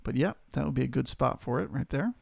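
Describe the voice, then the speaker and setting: A man's voice: medium pitch, animated, quick pace, vocal fry, a little mellow, no room sound. A man hosting a live trading stream, steadily talking through market levels and greeting viewers in chat.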